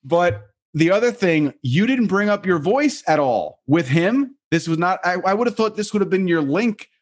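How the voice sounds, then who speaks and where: A man hosting a casual podcast chat as a comedian, enthusiastic and quick with laughs. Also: high voice, lively intonation.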